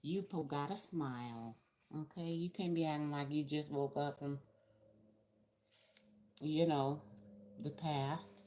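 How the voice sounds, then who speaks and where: A woman's voice: sits low, slow, pauses often, mellow. A woman giving a casual tarot reading, chatty and laughing often, acting out the people she quotes. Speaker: tarot reader.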